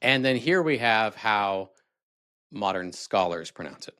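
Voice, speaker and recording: A man's voice: on the low side, lively intonation, a little slow, bright, forceful tone, clean tone, no room sound, clean studio sound. A man hosting a video, giving sarcastic, rambling, critical commentary. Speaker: video host. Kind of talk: casual commentary.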